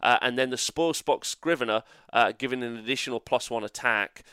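Smooth-voiced man, animated chat. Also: mid-range voice, a little fast, no room sound, clean studio sound. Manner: animated, swears freely, frequent fillers. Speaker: co-host. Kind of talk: casual podcast chat about tabletop games.

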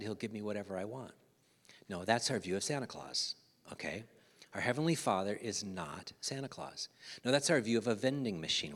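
A middle-aged man preaching a sermon as pastor, animated, swinging between loud emphasis and hushed, near-whispered asides. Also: medium pitch. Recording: church hall reverb.

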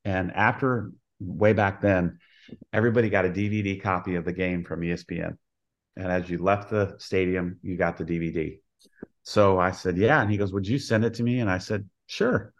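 Deep-voiced older man telling stories earnestly. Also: fairly even intonation, moderate pace, dull audio. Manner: earnest storyteller who acts out quoted dialogue. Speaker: college softball head coach, guest. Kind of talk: storytelling interview.

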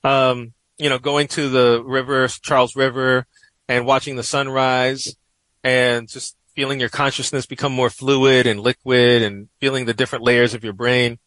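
A man's voice: medium pitch, level tone, moderate pace, a bit bright, no room sound, rough recording. Middle-aged New York man recalling, dry close sound. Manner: reflective, frequent "you know" fillers, restarts. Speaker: interview guest, professor and writer. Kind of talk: personal storytelling in conversation.

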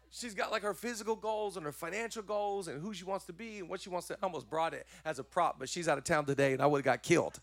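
A man preaching a sermon as pastor, energetic and repetitive in his urging, with chatty joking asides. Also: high-pitched, quick pace, hardly any pauses, dry recording.

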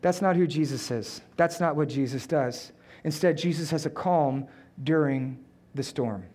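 A high-voiced man preaches a sermon in a conversational way. He keeps checking in with the listeners through rhetorical questions. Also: unhurried, darkish tone.

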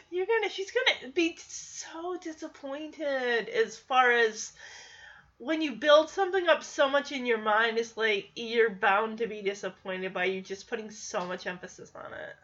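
A woman's voice: fairly high pitch, animated, measured pace, fairly bright tone, dull audio. Chatty woman recapping a TV episode. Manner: chatty, laughs often, acts out quotes. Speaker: TV show recapper.

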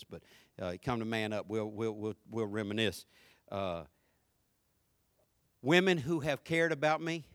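A man in his fifties with a Southern US accent from Florida, preaching a folksy sermon that swings between quiet asides and loud shouts. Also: mid-range voice, dry recording, clean studio sound. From Jacksonville, Florida. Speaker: pastor.

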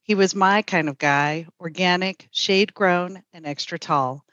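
Woman, poet, halting chat then deadpan poem, dull lo-fi sound. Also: fairly low pitch, no echo. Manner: hesitant with many fillers, then smooth deadpan recital. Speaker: poet, festival guest. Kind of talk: casual radio chat and poetry reading.

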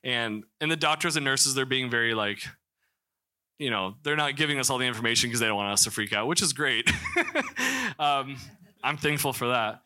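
A man's voice: medium pitch, normal speed, pushed and bright. A young man from Missouri telling a candid personal story to a church congregation, with many restarts and fillers. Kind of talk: personal testimony in a church talk.

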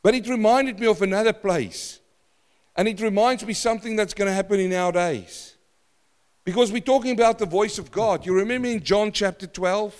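High-voiced preacher in a reverberant hall. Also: male voice, moderate pace, smooth. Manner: animated, repeats phrases for emphasis. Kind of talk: sermon.

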